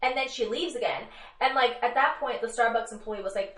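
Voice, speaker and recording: Animated young woman in a roomy echo. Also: on the high side, fairly quick. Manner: animated, lots of fillers, acts out quotes. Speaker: co-host. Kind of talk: casual news recap chat. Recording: roomy and a bit distant from mic.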